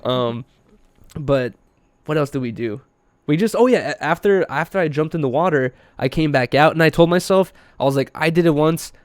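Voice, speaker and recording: A man's voice: on the high side, moderate pace, no room sound. Slangy young man telling a story. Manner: slangy, laid-back storytelling with many fillers. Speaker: podcast host. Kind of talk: casual chat.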